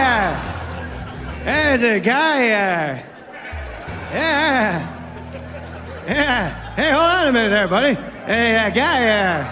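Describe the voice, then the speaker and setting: A man doing halting, stammering comedic impressions. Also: very high-pitched, big-room sound. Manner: halting, stammering delivery in character. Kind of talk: comedic impressions before a live crowd.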